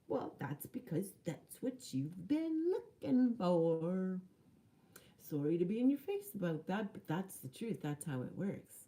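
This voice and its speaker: A woman's voice: low-pitched, creaky, dark tone. A woman giving a chatty, earnest motivational talk to camera, with laughs and dramatic whispered lines. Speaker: spiritual life coach.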